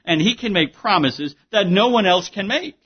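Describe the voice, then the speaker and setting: A man's voice: sits high, expressive, normal speed, breathy edge, dull audio. A man preaching a sermon, with an emphatic, conversational delivery full of asides and rhetorical questions. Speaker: pastor.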